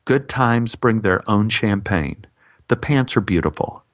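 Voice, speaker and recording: A man voicing a kindly clothing salesman, gently persuasive and philosophical. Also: on the low side, animated, measured pace, no echo, studio quality. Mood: reassuring.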